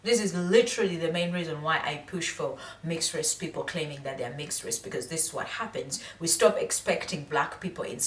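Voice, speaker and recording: A young woman vlogging casual commentary, lively and laughing, breaking into high mimicking voices. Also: fairly quick, few pauses, far from the mic. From England. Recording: echoey room, voice off-mic.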